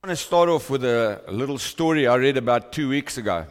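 A man's voice: medium pitch, animated, fast talker, clean tone, in a large hall. A man preaching a sermon to a congregation, praying and storytelling with fervent, rising intensity. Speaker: pastor. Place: church hall with congregation. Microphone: microphone on a stand.

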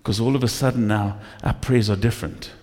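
A male pastor preaching a sermon, telling stories with lively acted asides in a church. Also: on the low side, brisk. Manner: animated storytelling with acted asides. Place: church hall. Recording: echoey church hall.

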